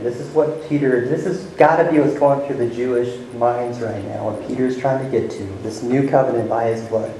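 A man's voice: medium pitch, warm tone, a little hiss or hum. A man preaching a sermon, teaching verse by verse and stressing key words with rising emphasis. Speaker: pastor. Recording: very echoey room with faint ambience.

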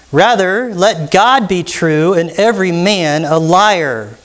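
A man's voice: high voice, lively intonation, slow, fairly bright tone. A pastor preaching an expository sermon, emphatic and teacherly, asking the congregation questions as he goes.

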